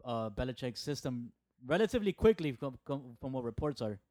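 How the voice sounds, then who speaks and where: A man's voice: medium pitch, sing-song, brisk, warm tone, dry recording. Laid-back man chiming in on sports. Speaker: podcast co-host. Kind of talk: casual sports chat.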